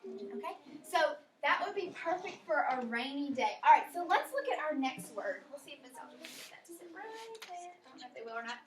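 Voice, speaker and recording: High-voiced encouraging woman teacher. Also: lively intonation. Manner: upbeat, encouraging, speaks slowly and clearly for young children. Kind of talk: classroom vocabulary lesson. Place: classroom. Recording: roomy classroom, distant mic, faint noise.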